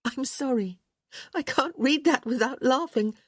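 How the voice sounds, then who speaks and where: A woman's voice: sits high, unhurried, slightly rough, no room sound, clean studio sound, pitched above the performer's own voice. A woman voicing a witty young lady who reads aloud in a wry, amused manner.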